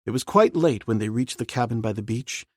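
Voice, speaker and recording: A man reading a novel aloud as an audiobook narrator, in a steady, measured way. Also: mid-range voice, no echo, clean studio sound.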